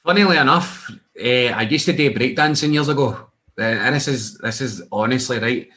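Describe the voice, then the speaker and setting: A man's voice: medium pitch, normal speed, sharp tone. A young Scottish man, a wrestler, casually telling rambling anecdotes in an interview, with many restarts and laughs. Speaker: wrestler guest.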